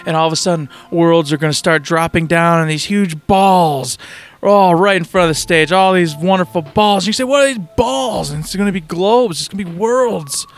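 Excitable male co-host, high voice, acts out voices and laughs a lot while spinning a tale. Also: moderate pace, faint music behind. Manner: animated storytelling, acts out voices, laughs often. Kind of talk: casual chat.

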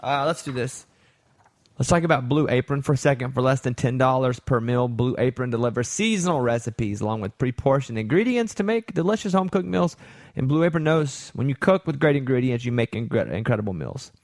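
A man in his forties with a Southern Arkansas accent talks at an easy, middling pitch. He hosts a loose studio chat, drawing his stories out slowly and steadily. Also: expressive. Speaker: radio show host. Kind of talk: casual studio chat with ad read.

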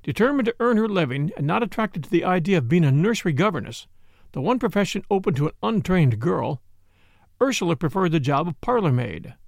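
Gravelly man narrating an audiobook. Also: a little high, no echo, studio quality. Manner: measured storytelling.

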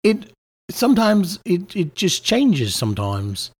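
A man playing a guest from the American South whose put-on British accent keeps slipping, his voice swinging between high and low. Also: huge pitch swings, takes it slowly, breathy edge, exaggerated voice.

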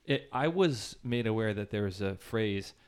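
A man hosting a casual podcast chat, eager and quick to react. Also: fairly low pitch, animated, clear, resonant tone.

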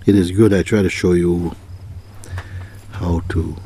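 With a low, dark, breathy voice, steady in tone and measured in pace, a man gives a spiritual teaching. His style is questioning and repetitive, and he brings quoted people to life by acting them out.

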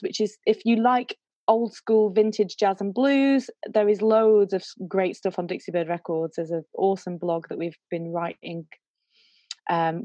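Woman, reflective storytelling, mellow tone, dull lo-fi sound. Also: lowish voice, no echo. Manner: reflective, emotional, with restarts. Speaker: guest singer. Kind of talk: conversational storytelling.

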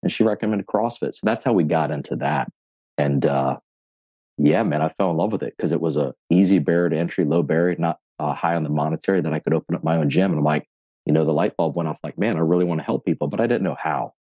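A man in his forties, a gym owner and fitness coach, telling his story in a podcast interview, animated and casually profane, acting out what people said. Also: extremely low pitch, fast, breathy edge, no echo, dull audio. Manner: animated storyteller, acts out quotes, swears casually.

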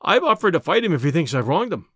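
A man's voice: on the high side, big pitch swings, fast, slightly rough, no room sound, clean studio sound. A man voicing a hot-tempered young Irish newcomer who speaks boldly, with an Irish accent. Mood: defiant.

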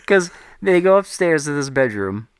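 A man's voice: a little high, big pitch swings, normal speed, clean tone, no echo, clean studio sound. A man co-hosting a casual movie-recap podcast, wry and profane, quoting characters and his own reactions. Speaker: podcast co-host.

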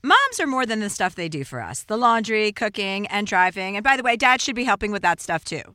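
Lively woman reading an ad. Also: mid-range voice, fairly quick, no echo, studio quality. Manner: upbeat, persuasive. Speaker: ad reader. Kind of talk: scripted ad read.

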